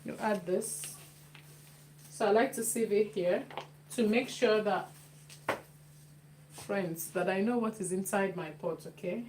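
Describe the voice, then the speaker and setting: A woman talks slowly and casually as she cooks, repeating words while she works. Her voice sits at an ordinary middle pitch. The kitchen recording is noisy, with clicks in the background. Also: a little mellow. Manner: chatty, repeats phrases while working. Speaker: cooking vlogger. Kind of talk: casual cooking demonstration. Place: home kitchen.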